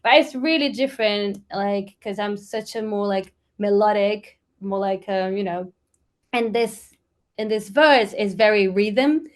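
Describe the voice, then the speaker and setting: A woman's voice: medium pitch, unhurried. A woman with a Brazilian accent talks as a podcast guest in a loose, rambling way. She keeps the chat casual and strings her thoughts together with plenty of fillers. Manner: chatty, rambling with many fillers. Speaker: guest musician.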